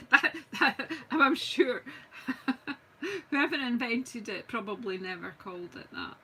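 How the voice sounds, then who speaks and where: This Scottish crafter, a middle-aged woman, talks casually to her live-stream audience while demonstrating card making, often making fun of herself. Her fairly high voice is slow and sharp-toned, and the rough recording carries a little hiss or hum.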